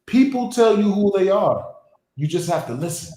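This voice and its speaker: A man's voice: high voice, very animated, moderate pace, dark tone, echoey room, low-quality recording. A man talking in a reflective, philosophical way during a casual conversation, drawing out his phrases.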